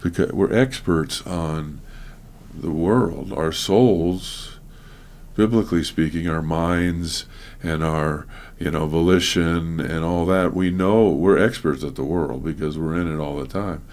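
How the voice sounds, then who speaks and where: Man with a super deep voice, gravelly, talks slow and earnest with lots of ums. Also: darkish tone. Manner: earnest, halting with many fillers. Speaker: guest minister. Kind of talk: conversational interview.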